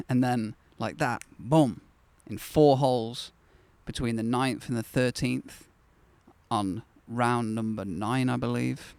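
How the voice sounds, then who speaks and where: A man's voice: medium pitch, steady tone, normal speed, a little mellow, clear, resonant tone, no echo. A man in his thirties, the host of his own channel, telling a personal story to camera in a candid, conversational way that turns reflective and then bursts with enthusiasm.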